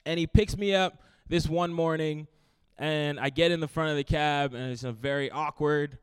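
A young man from Brooklyn performs a comic personal story for a live crowd. His voice is smooth and resonant, and sits slightly high for a man. The sound is dry and close, with a playful, lively delivery. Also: normal speed, no echo. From Brooklyn, New York. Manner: lively, playful, quotes himself and friends. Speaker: storyteller, comedian.

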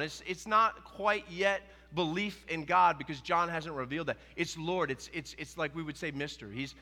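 A middle-aged pastor with a high, bright, forceful voice, preaching earnestly and stressing his points through repetition. His voice carries a long reverb, as if he stands in a large church sanctuary. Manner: earnest, emphatic preaching with repeated phrases. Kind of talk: sermon.

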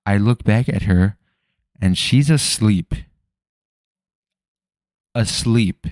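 A man's voice: on the low side, very slow, darkish tone, no room sound, clean studio sound. A young man rambling casually on his solo podcast at home, loose and full of swearing. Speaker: podcast host. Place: home room at night.

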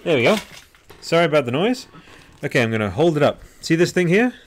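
A man's voice: fairly high pitch, sing-song, fast, a little hiss or hum. Chatty Australian man reading live chat. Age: 30s. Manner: chatty and rambling, reading out viewer comments with frequent fillers. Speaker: podcast host. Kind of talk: casual live-stream chat. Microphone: headset-style home podcast mic.

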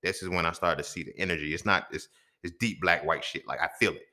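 A young adult man hosting a podcast, telling a story from his own life in a casual, profane, animated way with lots of slang. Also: low voice, quick pace. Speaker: podcast host.

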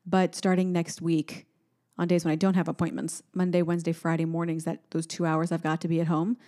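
A woman's voice: on the low side, monotone, a little fast, mellow. A woman co-hosting a casual chat, telling family stories with frequent laughs. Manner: chatty storyteller, laughs often. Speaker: podcast co-host.

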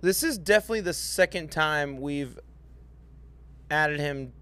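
A man's voice: fairly high pitch, measured pace, a bit bright, smooth. A man co-hosting a fan podcast, talking loosely with lots of fillers. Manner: loose, rambling, with many fillers. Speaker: podcast co-host. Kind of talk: casual chat.

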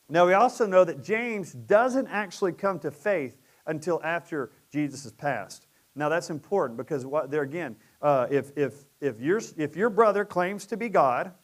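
A middle-aged male pastor giving a sermon in a conversational style, often lifting into emphatic peaks. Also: a little high.

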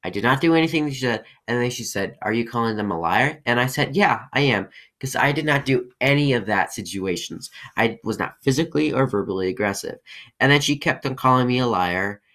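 A man's voice: medium pitch, lively intonation, fairly bright tone. A man talks through a personal story for his podcast, circling back on himself with frequent fillers and false starts. His voice sits in an ordinary middle register and he tells the story in a loose, casual way. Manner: rambling, halting, many fillers and restarts. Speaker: podcast host.

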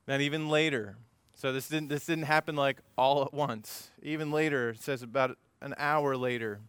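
A man preaching in a church, his voice bright and forceful with a smooth, clear ring and a slightly high pitch. He tells the story in a relaxed, conversational way, turning to the congregation with asides and humor. The sound is close and dry. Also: normal speed, dry recording. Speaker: pastor. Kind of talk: conversational sermon. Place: church service before a congregation.

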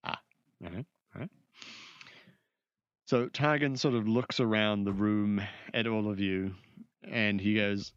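A man narrating as game master in a tabletop game, relaxed and repeating words as he goes. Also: on the low side, a little slow, pauses often, clear, resonant tone, dry recording, highs cut off.

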